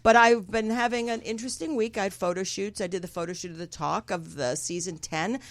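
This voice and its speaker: Chatty woman host with a gravelly voice. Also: medium pitch, fairly quick. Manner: chatty, laughing, self-deprecating. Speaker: podcast host. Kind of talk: casual chat.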